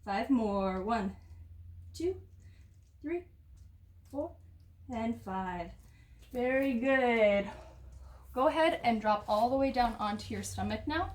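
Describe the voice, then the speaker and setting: A woman's voice: fairly high pitch, lively intonation, takes it slowly, long pauses, a little mellow. A woman leading a follow-along home workout, counting reps aloud and giving instructions while exercising, slightly out of breath. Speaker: fitness instructor.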